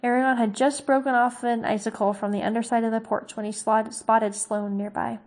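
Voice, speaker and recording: A woman reads a fantasy novel aloud as a storybook narrator. Her narration is steady and unhurried, with small slips she corrects as she goes. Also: fairly high pitch. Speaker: reader.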